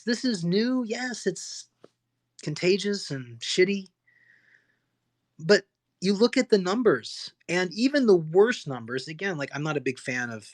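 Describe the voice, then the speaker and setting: Impassioned man ranting on a livestream. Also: fairly high pitch. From United States. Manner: impassioned, rambling, frequent restarts and rhetorical questions. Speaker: livestream host. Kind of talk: solo livestream rant.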